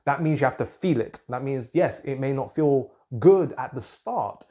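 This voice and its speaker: A man's voice: medium pitch, lively intonation, normal speed, dark tone. A man coaching on anxiety, explaining earnestly and circling back to his points as he writes on a board. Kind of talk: explanatory talk to camera.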